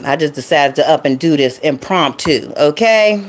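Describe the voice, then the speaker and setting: A woman's voice: sits low, expressive, moderate pace, slight background noise. Chatty woman vlogger talking to y'all. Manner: loose, chatty, talks to viewers as y'all. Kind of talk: casual impromptu vlog chat.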